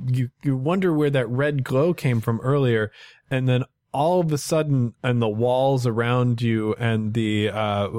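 A man narrating as game master in a tabletop game, relaxed and halting with lots of fillers. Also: medium pitch, no echo, studio quality.

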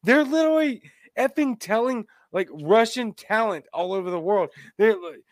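A man's voice: high voice, animated, normal speed, dry recording. Dry-sounding, emphatic male podcast host. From Louisiana. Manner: emphatic, exasperated. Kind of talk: casual political talk.

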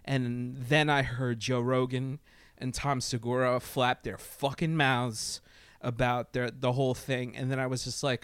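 A man in casual podcast chat, talking in a profane, animated way, with many fillers and restarts. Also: mid-range voice, a little slow, clean tone, no echo. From Latin America.

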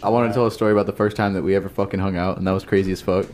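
A young man, a podcast co-host, telling a profane, animated story in casual chat and acting out the quotes. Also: deep voice, rapid-fire, a little hiss or hum.

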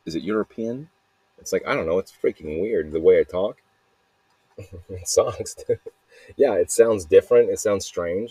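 Husky deep-voiced man rambling. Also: mellow, dry recording. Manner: rambling, swearing, quick to anger. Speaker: podcast host. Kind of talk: rambling personal monologue.

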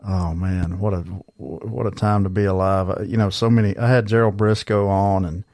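A male podcast host with a low voice chats easily with his guest and drops in short, friendly reactions. He sounds relaxed and conversational. The recording is dry and close, with almost no room sound. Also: normal speed, no echo. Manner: easygoing, short affirming replies. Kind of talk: casual interview chat.

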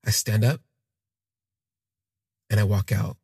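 A man with a deep-leaning, very husky voice and a gravelly edge recounts his own story in the first person. He speaks in a halting, reflective way, trailing off and circling back. The sound is close and dry. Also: steady tone, darkish tone, no echo. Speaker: podcast storyteller.

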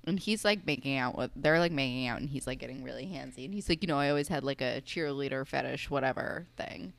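A woman's voice: a bass voice, fast, vocal fry, no room sound. A young woman co-hosting a casual chat, talking loosely with lots of "like" and quoting characters. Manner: chatty, many "like"s and fillers, quotes characters. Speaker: podcast co-host.

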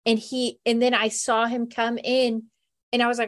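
A woman's voice: fairly high pitch, level tone, normal speed. A woman hosting a podcast, telling stories in a chatty, casual way with frequent laughs. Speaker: podcast host. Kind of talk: casual chat.

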